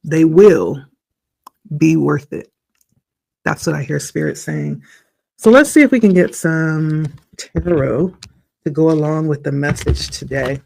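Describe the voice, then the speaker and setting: A man with a somewhat high voice gives a spiritual tarot reading, his throat a little rough with morning hoarseness. He speaks very slowly, pausing often, with a reflective and encouraging manner. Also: very animated, darkish tone. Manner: slow, reflective, encouraging delivery. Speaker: tarot reader.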